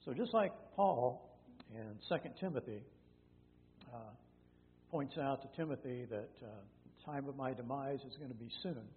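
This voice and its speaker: A man's voice: medium pitch, moderate pace. Man teaching scripture, tinny hall recording. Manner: conversational, frequent fillers and self-corrections. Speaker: pastor. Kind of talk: Bible teaching sermon. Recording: tinny phone-like sound in a reverberant hall with faint hum.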